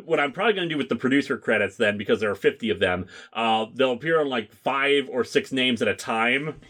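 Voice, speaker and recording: A man's voice: mid-range voice, brisk, fairly bright tone. A man talking casually about producing his movie, rambling with fillers. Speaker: web video producer discussing his movie. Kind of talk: casual podcast chat.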